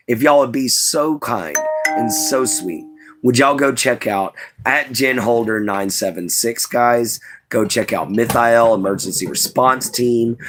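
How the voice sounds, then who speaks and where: A man with a drawl chats loosely to his live stream audience. His voice sits on the lower side, and his talk wanders in an easygoing, rambling way, full of "you know" and "man". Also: fairly bright tone. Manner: laid-back, rambling, says "you know" and "man" a lot. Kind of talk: casual live stream chat.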